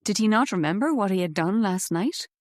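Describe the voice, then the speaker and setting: A woman reading a novel aloud in calm, measured scripted narration, close to the mic. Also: mid-range voice, no echo. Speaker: audiobook narrator.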